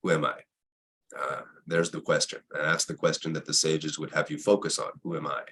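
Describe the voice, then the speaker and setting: A man in a reflective spiritual conversation who repeats phrases and asks himself rhetorical questions, with a husky voice. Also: extremely low pitch, little pitch movement, a little fast, fairly bright tone.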